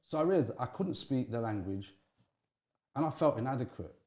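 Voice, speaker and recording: A middle-aged man, an interview guest, telling candid stories from his youth with animated swings in pitch and frequent restarts. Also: moderate pace.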